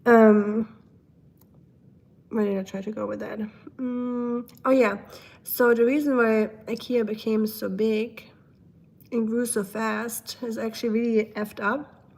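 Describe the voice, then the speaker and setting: A young live-stream host chats casually and reads comments out, silly and laughing often, though mucus in her throat keeps her clearing it. Her voice is fairly high and a little mellow. She delivers it flatly and takes her time.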